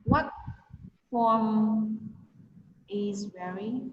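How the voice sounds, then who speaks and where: Teacher on a video call, questions the class, echoey dull sound. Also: female voice, mid-range voice, extremely slow, noisy background. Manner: switches between English and Vietnamese, quizzes students. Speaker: English teacher.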